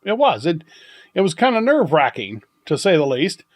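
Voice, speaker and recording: An older man hosting a podcast, telling a story in a rambling, halting way with many restarts and chuckles. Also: fairly high pitch, big pitch swings. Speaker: podcast host. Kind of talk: casual storytelling monologue.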